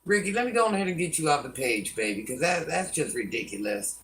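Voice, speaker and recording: A woman's voice: low-pitched, lively intonation, fast, fairly bright tone, far from the mic, slight background noise, rough recording. An older woman hosting a live stream, scolding commenters by name and chatting with viewers. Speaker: livestream host.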